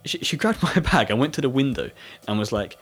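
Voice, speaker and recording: A young British man with a husky voice, casually telling a school story with lots of "like" fillers and laughter. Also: medium pitch, lively intonation, a little fast, fairly bright tone, soft background music. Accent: British English. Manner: rambling storytelling with frequent "like" fillers, laughing often. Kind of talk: casual chat.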